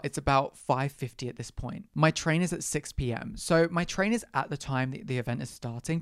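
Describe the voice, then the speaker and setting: A man hosts his own podcast and tells a story in a chatty, theatrical way, acting out his own past lines as he goes. His voice sits at an ordinary middle pitch, and the recording is close and dry with no room sound. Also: no room sound. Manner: chatty and dramatic, with quoted asides and swearing. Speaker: podcast host telling a personal story. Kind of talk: casual storytelling monologue.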